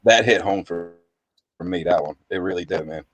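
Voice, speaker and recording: A man's voice: deep voice, brisk, music in the background, poor audio. A man hosting a podcast, talking in an earnest, laid-back way and often saying "man" and "dude.". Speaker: podcast host. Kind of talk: casual podcast chat.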